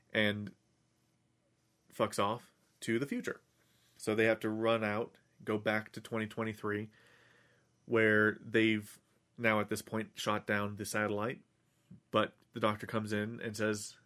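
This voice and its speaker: A man's voice: fairly low pitch, completely flat delivery, measured pace, pauses often, a bit bright. A man on a podcast casually recapping an episode, rambling with many restarts and fillers. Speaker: podcast host.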